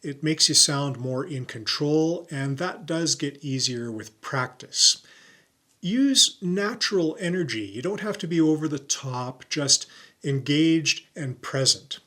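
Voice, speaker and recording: Bright-voiced man coaching on camera. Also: a little high, expressive. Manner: clear, deliberate presenter delivery with stressed keywords. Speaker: YouTube coach and host. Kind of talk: on-camera tutorial.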